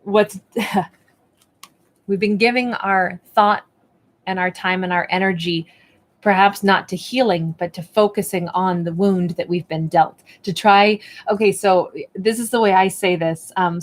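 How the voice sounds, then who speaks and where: A woman at her table talks through a tarot and oracle card reading in a loose, reflective way. Her voice sits at an ordinary middle pitch, and she encourages the listener gently, with plenty of filler words along the way. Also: fairly even intonation, unhurried. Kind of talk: casual spoken card reading.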